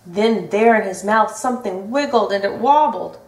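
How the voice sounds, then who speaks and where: A woman reading a picture book aloud to children in a gentle, sing-song way. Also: medium pitch, animated, normal speed. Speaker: storybook reader. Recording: roomy echo from a distant mic.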